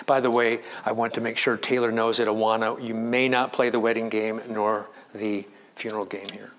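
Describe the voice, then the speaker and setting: A man's voice: fairly low pitch, little pitch movement, normal speed, a bit bright. A man preaching a sermon as a pastor, with emphatic delivery that rises and drops in volume.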